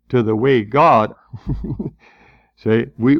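A man's voice: medium pitch, extremely slow, vocal fry, pauses often, no echo, highs cut off. A man preaching a sermon in a folksy, conversational way, asking rhetorical questions and chuckling between points.

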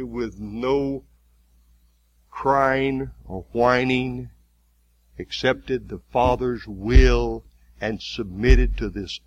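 A man preaching a sermon, retelling a story vividly with halting restarts. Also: mid-range voice, gravelly, a little mellow, slightly rough, highs cut off.

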